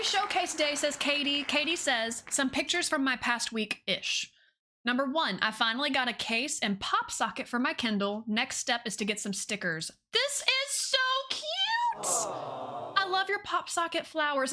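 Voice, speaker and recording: A woman streamer chatting casually with her viewers, bubbly and giggly. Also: high-pitched. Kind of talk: casual chat with viewers while drawing.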